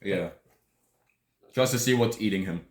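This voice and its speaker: A young man with a lowish voice plays along in a tabletop game, halting and restarting his sentences. The room is echoey, with a faint hiss under his voice. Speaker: player. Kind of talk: casual tabletop game chat.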